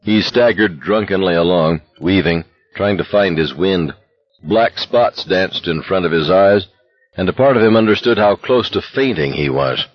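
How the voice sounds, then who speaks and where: A man narrating an audiobook in a steady, intense voice. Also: low voice, moderate pace, no echo, dull audio. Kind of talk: scripted narration.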